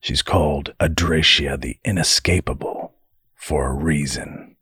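A man's voice: rumbling low, steady tone, unhurried, sharp tone, slightly rough, dry recording, clean studio sound, voice pushed down, exaggerated voice. A man voicing a blunt young male halfkin who scolds his brother, in an audiobook fantasy story. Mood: scolding.

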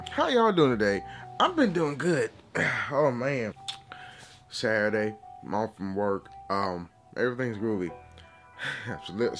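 A man hosting a casual solo podcast, rambling and laid-back, swearing freely, recorded on a vlogging camera mic at home. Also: on the low side. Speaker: podcast host. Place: at home, just out of bed.

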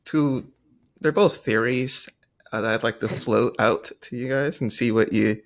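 A man's voice: medium pitch, unhurried. Joking man spinning theories. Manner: theorizing, exasperated jokes. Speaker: podcast co-host. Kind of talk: casual chat.

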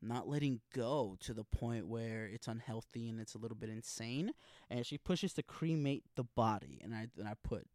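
A young man talks casually into a close microphone in a dead, dry room. He runs through his notes on an episode in a slangy, profane way. His voice stays at an ordinary, mid-level pitch for a man. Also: expressive, moderate pace, darkish tone, no echo. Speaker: TV episode reaction host. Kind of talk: casual recap reading from notes.

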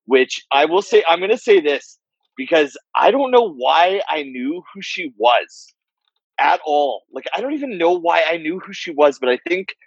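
A man's voice: a little high, lively intonation, moderate pace, slightly rough, no echo. Wry joking man, slightly dull mic. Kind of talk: casual chat among friends.

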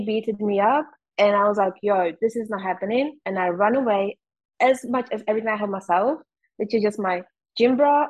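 A woman's voice: mid-range voice, low-quality recording. Woman with a Czech accent, candid. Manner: candid, fast, heavy use of "like". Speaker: guest. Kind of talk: casual interview chat.

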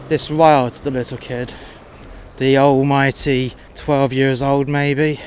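Slow and level at medium pitch, a podcast host grumbles through a story about work, blunt and full of swearing. There's a slight hiss or hum on the audio.

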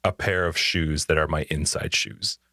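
Brief: very low-voiced male podcast co-host, rambling chatty delivery, dry sound. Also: steady tone, normal speed, pushed and bright, no room sound. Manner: rambling, restarts sentences often. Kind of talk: casual gaming chat.

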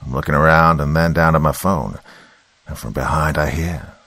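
A man voicing a gruff uncle who tells a creepy story in a blunt, profane, conversational way. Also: very deep voice, moderate pace, a bit bright, no echo, full character voice. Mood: storytelling. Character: gruff middle-aged uncle, rideshare driver telling a story.

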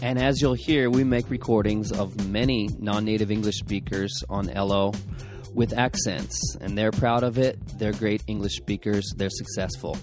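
A man opens a podcast in an upbeat, encouraging way, and his voice sits a little low. A clear music bed plays under his speech. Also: fairly even intonation, moderate pace. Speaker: podcast host. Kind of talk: scripted podcast intro.

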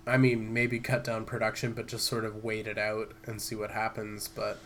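A man's voice: on the low side, completely flat delivery, normal speed, a bit bright, a little hiss or hum. A young man co-hosting a podcast, chatting loosely, musing and laughing a lot. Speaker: podcast co-host. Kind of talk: casual podcast chat.

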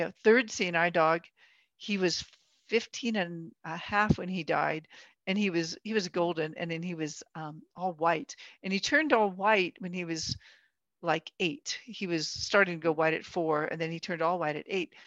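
A woman's voice: medium pitch, fairly bright tone, no room sound. A woman in her sixties in casual conversation, telling stories chattily, acting out quotes and laughing often. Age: 60s. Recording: dull dry lo-fi sound.

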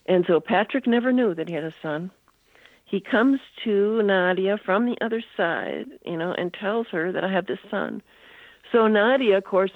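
Over a tinny phone line, a guest author who is an older woman spins out a lengthy interview anecdote peppered with "you know." Her voice sits lowish, and the sound is dry.

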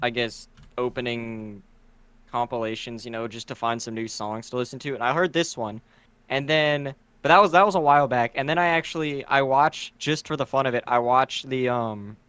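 A man's voice: mid-range voice, fairly bright tone, clean tone, dry recording. Young man rambling in casual podcast chat. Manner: rambling, searches for words. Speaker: podcast co-host.

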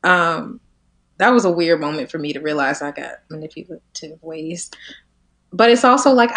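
A woman in her twenties talking reflectively as a podcast guest, laughing often and trailing softer at the ends of her thoughts. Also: sits low, normal speed. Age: 20s. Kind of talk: casual conversation.

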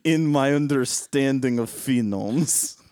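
A man putting on a mock-Russian deadpan. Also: mid-range voice, slow pace, no room sound, studio quality, close to an everyday voice. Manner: deadpan, clipped broken grammar. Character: comic broken-English Russian man. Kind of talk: comedic podcast bit.

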